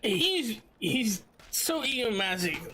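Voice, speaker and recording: A man chatting casually on a gaming livestream, animated and quick to mimic other people's voices. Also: high-pitched, a little hiss or hum. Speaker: livestream co-host. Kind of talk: casual chat while gaming.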